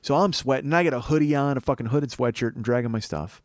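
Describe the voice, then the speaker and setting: A fast-talking man in his 40s with a mid-range, slightly mellow voice and no room sound hosts a podcast. His comic storytelling monologue meanders and mocks himself, laced with profanity, and his voice goes up as he dramatizes his panic.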